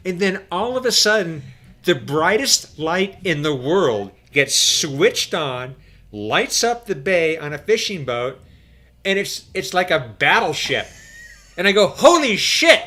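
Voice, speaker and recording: A middle-aged man, a podcast guest, telling an animated, profane story. He acts out every quote and swings from hushed to loud. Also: a little high, takes it slowly. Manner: profane, excitable.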